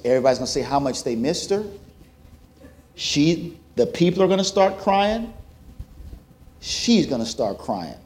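A man giving a sermon testimony, telling a story with acted-out quotes that rise to loud, emotional peaks. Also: on the high side. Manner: self-described introvert, plain conversational delivery. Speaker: preacher.

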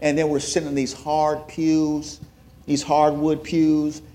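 Guy preaching, tells his story, slightly high voice, swings up loud when he acts stuff out. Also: monotone, slow, a little hiss or hum. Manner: storytelling with acted-out quotes and rising, sometimes shouted peaks; self-described introvert, plain conversational delivery. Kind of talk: sermon testimony.

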